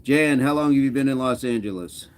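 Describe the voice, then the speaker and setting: A man's voice: medium pitch, brisk. A middle-aged man hosting a casual livestream, reading viewer comments in a jokey, easygoing way and chuckling between remarks. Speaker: livestream host.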